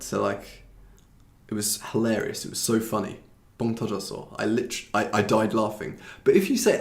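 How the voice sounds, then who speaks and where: Fast-talking, gravelly teacher. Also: male voice, medium pitch, darkish tone, reverberant. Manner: explains with repeated examples, switching between English and Korean. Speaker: English teacher. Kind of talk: live-streamed language lesson.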